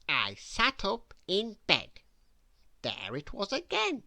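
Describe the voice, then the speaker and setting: A woman reads a children's bedtime story aloud in an expressive, first-person way. Her pitch swings widely as she goes, at a slow, unhurried pace. The recording is dry and close. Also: vocal fry, no room sound.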